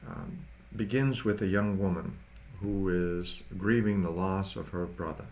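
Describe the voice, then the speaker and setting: A man, a pastor, giving a storytelling sermon in a halting, conversational way, often repeating words. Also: low voice, a little mellow.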